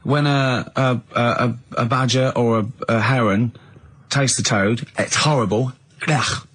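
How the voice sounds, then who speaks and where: A radio host in casual banter, incredulous and interrupting, often breaking into laughter. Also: male voice, mid-range voice, fairly even intonation, a little slow, a bit bright, slightly rough.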